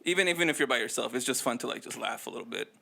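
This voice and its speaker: A man's voice: medium pitch, racing, creaky, pushed and bright. A man co-hosting a casual podcast, giving loose, profane, jokey advice. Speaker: podcast co-host.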